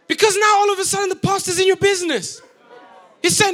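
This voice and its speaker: High-voiced, bright young male pastor. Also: fairly quick, some chatter behind. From Africa. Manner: lively, jokey, acts out reactions with sound effects. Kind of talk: sermon. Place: church auditorium.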